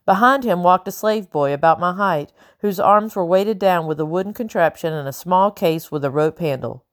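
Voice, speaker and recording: A woman narrating a first-person audiobook in a steady, measured storytelling style on a close studio mic. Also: lowish voice, no room sound.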